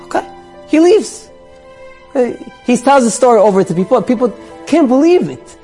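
A man with a strikingly high voice tells a story aloud. He leans on repetition, stacking phrase after phrase to drive the feeling home. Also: expressive, a little fast, warm tone, breathy edge, faint music behind. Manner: emphatic, repeats phrases for effect. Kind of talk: spoken storytelling.

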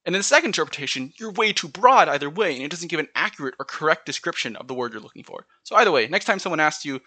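Lively, bright-voiced American man explaining. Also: fairly high pitch, rapid-fire, few pauses, no echo. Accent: General American. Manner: chatty, spells words out letter by letter. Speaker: podcast host. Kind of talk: solo explanatory podcast.

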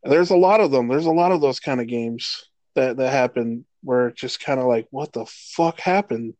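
A man in his thirties co-hosting a casual sports podcast, swearing freely and ranting with animated energy. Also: medium pitch, moderate pace, no room sound. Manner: profane, animated rants. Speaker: podcast co-host.

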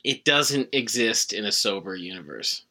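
Bright, husky middle-aged man, wry. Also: fairly low pitch, expressive, normal speed. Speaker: podcast co-host. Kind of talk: casual comedic chat.

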